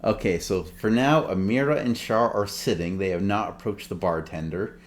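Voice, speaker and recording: Low-voiced male game master, relaxed, casual narration. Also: moderate pace. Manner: relaxed, filler-heavy narration. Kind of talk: running a tabletop game.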